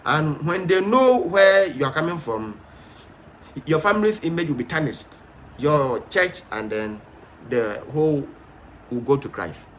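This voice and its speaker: A man's voice: on the high side, expressive, unhurried, fairly bright tone, slight background noise. A man teaching a Bible study in an emphatic, stern, repetitive way, with frequent fillers.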